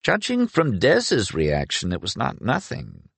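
A man voicing a wry, lively young male sorcerer who talks in a quick, bantering way. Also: medium pitch, vocal fry, slightly rough, dry recording, voice pushed up, heavily acted.

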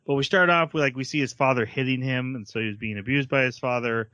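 A man with a bright, forceful voice chats casually on a podcast, retelling an anime episode scene by scene. He acts out the characters' lines as he goes and laughs often. The sound is close and dry. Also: mid-range voice, steady tone, fast talker, no echo, lo-fi sound. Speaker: podcast co-host reviewing anime. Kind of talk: casual chat, recapping an episode.

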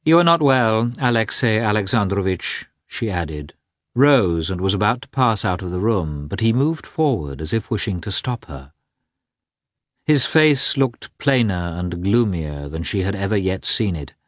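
A man reading a classic novel aloud as an audiobook narrator, with an expressive delivery. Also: low-pitched, measured pace, dry recording, studio quality. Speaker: audiobook reader.

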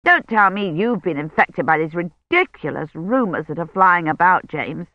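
Narrator playing a no-nonsense older lady doctor, clipped and higher, audiobook, dull dry recording. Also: big pitch swings, dry recording. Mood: annoyed. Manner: brisk, dismissive.

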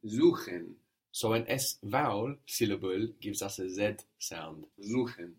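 A man's voice: fairly low pitch, animated, measured pace. A man teaching a spoken language lesson, patiently repeating his student's answers and explaining grammar step by step.

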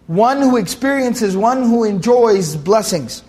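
Brief: male Quran teacher with a high voice, emphatic and repetitive, chants verses. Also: animated, slow pace, mellow. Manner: emphatic, repeats key phrases; recites Arabic verses in a chanting tone. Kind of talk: Quran commentary lesson.

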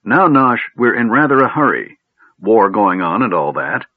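A man's voice: lowish voice, sing-song, normal speed, husky, no echo, voice pushed up. A man voicing an absent-minded old male wizard who talks in a distracted, muttering way, recorded on a narrow phone-like line. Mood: vague.

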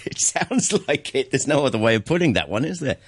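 A man's voice: medium pitch, sing-song, husky, no echo. A man hosting a radio show, chatting casually with a guest and laughing easily. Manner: chatty, quick to joke and laugh. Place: radio studio.

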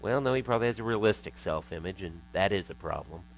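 A man's voice: low-pitched, lively intonation, fast, slight background noise, rough recording. Emphatic male pastor preaching. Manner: emphatic, repeats lines for effect. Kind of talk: sermon.

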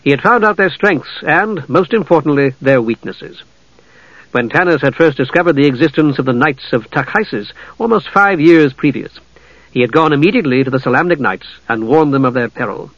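A man reads a fantasy novel aloud in steady, even storytelling. The audiobook has a muffled, lo-fi tone and a dry, close sound with no room in it. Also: a little high, fairly quick, no echo. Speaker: audiobook narrator. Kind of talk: scripted fantasy narration.

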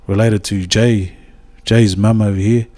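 Mellow, low-voiced New man. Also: fairly even intonation, a little slow. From New Zealand. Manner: rambling, with many hesitations and restarts. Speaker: speaker at a church gathering. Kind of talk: informal devotional talk.

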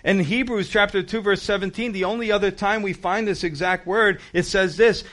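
A man with a slightly high voice preaches a verse-by-verse sermon. He teaches in an animated way, acting out quotes and pressing his points with emphatic questions. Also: moderate pace, hardly any pauses. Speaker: pastor. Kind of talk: expository sermon.

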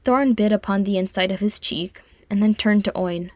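A woman's voice: mid-range voice, brisk, a little mellow, no echo. Woman narrating a story, dry close sound. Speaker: audiobook reader. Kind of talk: fan fiction audiobook narration.

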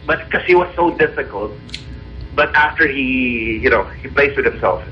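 A man's voice: mid-range voice, animated, normal speed, slight background noise. A man calling in to a radio show, telling his story in a hesitant, apologetic way over a muffled line. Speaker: caller.

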